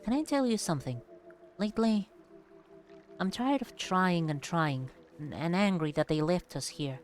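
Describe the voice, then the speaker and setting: This is a weary male machine mind, worn down and quietly angry, speaking in a lowish, unhurried voice. A woman reads his lines aloud from a game. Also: lively intonation, faint music behind, natural voice. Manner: tired, resentful confiding.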